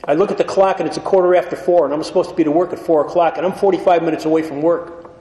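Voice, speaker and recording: A man's voice: fairly high pitch, fairly even intonation, rapid-fire, warm tone. A man giving a wry, self-mocking storytelling share at a recovery meeting, acting out the dialogue as he goes. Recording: echoey hall with faint ambience.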